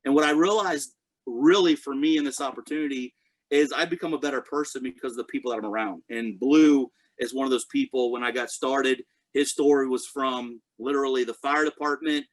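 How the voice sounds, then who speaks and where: A man's voice: medium pitch, steady tone, brisk. A man in his thirties giving an earnest motivational testimonial, speaking straight to listeners and checking in with them often. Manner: earnest, personal, addresses listeners directly with "guys" and "right?". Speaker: network marketing speaker introducing a guest.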